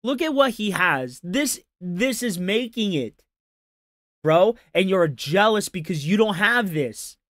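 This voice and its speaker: Man, commentary streamer, exasperated, profane, mocking, unhurried delivery, dry close sound. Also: high-pitched, animated, a bit bright, no room sound. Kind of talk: casual reaction commentary.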